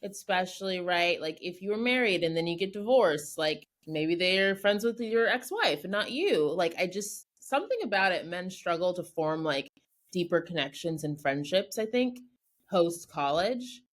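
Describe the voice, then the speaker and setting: A young adult woman co-hosting a podcast in casual chat, talking in a chatty way full of quick asides and "like". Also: on the low side, expressive. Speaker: podcast co-host.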